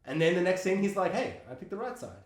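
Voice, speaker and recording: This high-pitched man talks fast, co-hosting a casual film podcast with a roomy echo and slight background noise. He's animated, swears a lot, and acts out lines from movie scenes.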